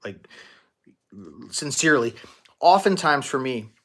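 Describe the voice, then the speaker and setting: A man hosting a live-stream Q&A as a manifestation coach, talking casually with many restarts and fillers and thanking donors excitedly. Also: a little high, measured pace. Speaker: manifestation coach and livestream host. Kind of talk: live-stream Q&A, answering viewer questions.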